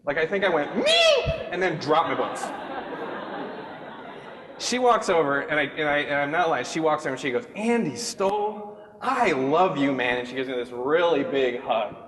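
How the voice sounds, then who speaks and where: A man's voice: a little fast, slight background noise. Self-mocking man telling stories in an echoey hall. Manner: animated, self-deprecating, acts out voices in high squeaks. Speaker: keynote speaker. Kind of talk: comedic storytelling talk. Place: large hall. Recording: echoey hall with long reverb.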